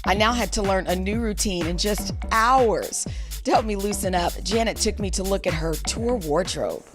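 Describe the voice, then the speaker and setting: A woman reporter from Kansas giving a lively voice-over narration. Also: mid-range voice, normal speed. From Kansas, USA. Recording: voice-over with music behind. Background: music.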